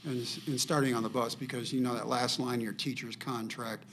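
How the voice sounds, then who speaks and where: Gravelly older man telling a story. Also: medium pitch, a little fast, slight background noise. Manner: animated storyteller acting out quoted dialogue. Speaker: podcast guest. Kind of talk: personal storytelling.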